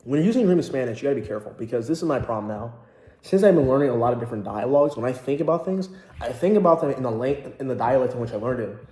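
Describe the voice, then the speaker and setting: A man with a mellow, somewhat dark voice talks casually to the camera, rambling with plenty of fillers and false starts. The sound is roomy, with a noticeable echo around him. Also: medium pitch, lively intonation, very fast. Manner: chatty, full of fillers and restarts. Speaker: language-learning vlogger.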